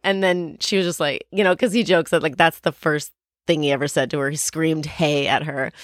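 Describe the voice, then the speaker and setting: A woman's voice: low-pitched, steady tone, fairly quick, dry recording, clean studio sound. A woman in her thirties co-hosting a podcast, retelling a story in gushing, casual chat full of "like". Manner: chatty, gushing, lots of "like" fillers. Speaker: podcast co-host.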